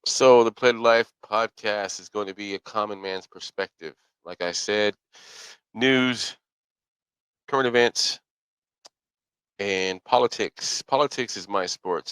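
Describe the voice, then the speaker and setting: Low, bright-toned man rambling casually. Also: measured pace, clear, resonant tone, no echo, poor audio. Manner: rambling, folksy, self-correcting. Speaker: podcast host. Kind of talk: casual solo commentary.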